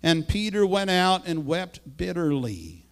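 Male preacher, fairly high voice, fervent and emphatic sermon style. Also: big pitch swings, measured pace. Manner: fervent, rising and falling emphasis, asks for slides.

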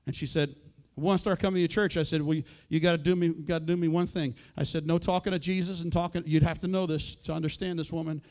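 A man's voice: on the high side, steady tone, fast talker, hardly any pauses, a little mellow. A middle-aged male pastor preaching a sermon in a conversational way, full of rhetorical questions and quoted asides.

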